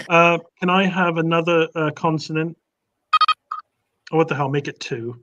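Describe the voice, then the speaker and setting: Dithering jokey quiz contestant from Cornwall. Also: male voice, fairly high pitch, a little slow, dull audio, background noise. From Cornwall, England. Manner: dithering, filler-heavy, jokey. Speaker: quiz contestant, team captain. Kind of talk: casual chat on a call.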